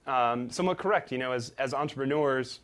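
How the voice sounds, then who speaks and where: A man's voice: medium pitch, brisk, a bit bright. A young man, giving a conference talk about his startup in a self-deprecating way, full of ums and restarts. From Texas. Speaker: startup presenter.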